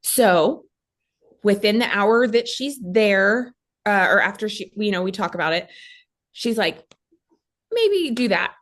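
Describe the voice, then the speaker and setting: A young adult woman from Texas, a podcast guest telling a personal story in a casual, animated way and acting out what others said. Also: mid-range voice. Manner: animated, acts out quoted voices.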